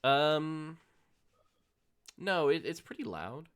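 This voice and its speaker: A man narrating as game master for a tabletop role-playing game, relaxed and descriptive. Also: on the high side, slow, clear, resonant tone. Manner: relaxed, descriptive, laughs easily.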